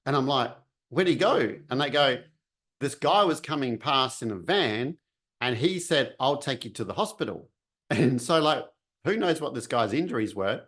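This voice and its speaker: A man tells his own story in a relaxed, chatty way. His voice sits at an ordinary middle pitch. He acts out quotes and sounds as he goes. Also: normal speed. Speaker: vlogger telling a personal story. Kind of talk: casual storytelling.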